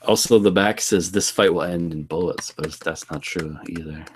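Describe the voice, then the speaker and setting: A man's voice: low voice, normal speed, breathy edge. A man co-hosting a casual movie review podcast, wry and joking, laughing often. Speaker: podcast co-host.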